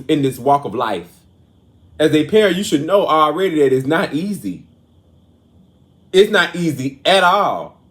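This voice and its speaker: A man hosting a casual commentary show, earnest and emotional, moving between raised and quiet talk. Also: on the high side. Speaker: show host. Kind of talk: casual commentary on celebrity news.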